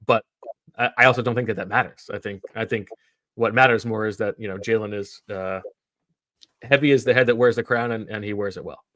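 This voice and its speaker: A man hosting a sports podcast in casual chat, telling stories in an animated way. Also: lowish voice, brisk, no room sound. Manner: animated storyteller.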